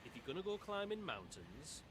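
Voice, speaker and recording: A man voicing a solemn male storyteller, reading the game's narration in a low, hushed voice from a little way off the microphone. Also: sing-song, a little fast, noisy background. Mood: dry warning. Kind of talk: reading game narration aloud.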